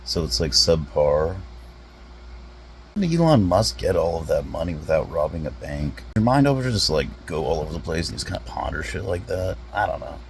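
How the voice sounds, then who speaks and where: A man, a comedy vlogger, rambling through deadpan rhetorical questions with drawn-out pauses. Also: low-pitched, gravelly, a little hiss or hum, low-quality recording. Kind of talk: deadpan musing monologue.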